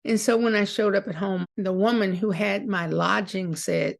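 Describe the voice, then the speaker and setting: A middle-aged woman with a gravelly, low-edged voice, speaking at an ordinary pitch. She tells her stories with energy and brings the other people in them to life as she speaks. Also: brisk, few pauses. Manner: animated storyteller acting out quoted dialogue. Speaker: guest, author. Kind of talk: storytelling interview.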